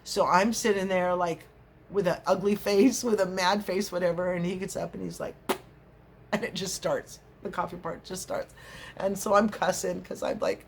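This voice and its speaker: A woman's voice: lowish voice, fairly even intonation, normal speed, creaky, slight background noise. A middle-aged woman vlogger chatting casually, rambling through stories, laughing often and acting out little scenes. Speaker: crochet vlogger.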